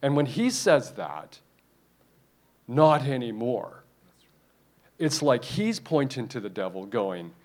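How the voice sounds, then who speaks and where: A man's voice: mid-range voice, huge pitch swings, measured pace, few pauses. A man preaching a sermon, emphatic and repetitive, often restarting his phrases.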